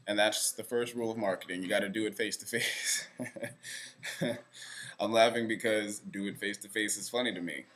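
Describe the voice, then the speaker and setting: Young male vlogger, lowish voice, rambling and self-mocking, talking straight to camera. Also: a bit bright. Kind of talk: casual direct-to-camera vlog. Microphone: camera facing speaker.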